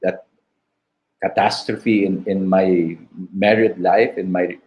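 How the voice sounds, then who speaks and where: A man in his fifties with a Filipino English accent, sharing a personal testimony in an interview, reflective and halting. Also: deep voice, fairly even intonation, highs cut off. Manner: slow and reflective, halting restarts, "diba" tags. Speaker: guest.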